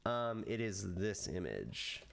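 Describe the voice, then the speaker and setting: A man streaming live, chatting casually with viewers and rehearsing lines for a video, jumping into high excited bursts and then dropping to low mutters. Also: takes it slowly, creaky, a little hiss or hum. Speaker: VTuber streamer.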